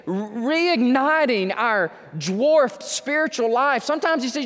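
A man preaching a sermon, telling stories with animated humor. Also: extremely high pitch, slow pace. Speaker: pastor. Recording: reverberant hall.

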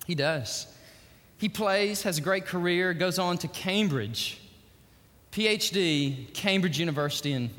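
A male pastor delivers a sermon in a high, bright voice. His pitch swings widely as he builds toward near-shouts. The sound carries the long reverb of a large church hall. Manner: animated preaching, rising to near-shouts.

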